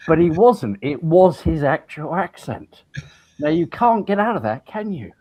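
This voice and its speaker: A man telling lively anecdotes as a guest on a talk show, heard over an online call. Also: a little high, unhurried. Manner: animated storyteller. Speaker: guest, a judge. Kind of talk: anecdotal conversation. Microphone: video call.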